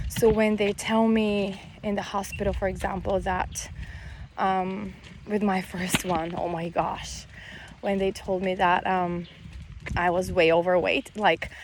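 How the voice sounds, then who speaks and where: A chatty woman vlogging outdoors as she walks a country road, a little winded from the climb. Her voice sits in an ordinary middle pitch, loose and rambling, with lots of ums. Faint outdoor ambience hums behind her. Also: slight background noise. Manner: chatty, rambling, with many fillers. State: a little out of breath. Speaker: vlogger, mother of five. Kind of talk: casual vlog talk while walking.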